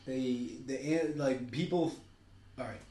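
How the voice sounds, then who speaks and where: Speaking slowly with a dark tone, a mid-range male voice carries this casual podcast conversation. The co-host wanders, curses plenty, and switches ideas without warning. The space sounds echoey.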